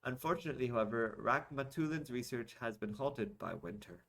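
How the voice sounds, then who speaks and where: A young man reads news stories aloud in a casual podcast, pausing often for dry, sarcastic remarks. His voice sits at an ordinary middle pitch for a man. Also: expressive, gravelly, fairly bright tone. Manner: sarcastic asides between read-out articles. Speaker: podcast host reading news.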